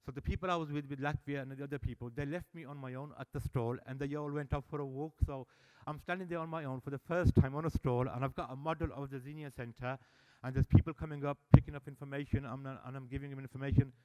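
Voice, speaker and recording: Fast and smooth, with hardly a pause, a medium-pitched man speaks publicly at an annual meeting in a meeting hall as a service user. He's an animated storyteller who acts out the dialogue.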